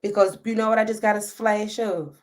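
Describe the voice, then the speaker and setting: This is a live-stream host reading comments aloud, a woman with a mid-range voice and steady tone who talks a little fast. Nearly in tears, she addresses her viewers with passionate, preachy emotion.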